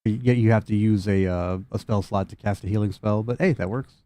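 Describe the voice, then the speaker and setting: A man's voice: lowish voice, fairly even intonation, a little fast, mellow, no room sound. A man running a tabletop game, talking casually and repeating words as he explains rules. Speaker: game master.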